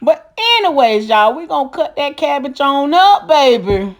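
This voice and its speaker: A middle-aged woman talks through a recipe in a casual cooking vlog. Her voice sits high and she keeps it folksy, calling the viewers honey and baby and slipping in preachy asides. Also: expressive, normal speed. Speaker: cooking channel host.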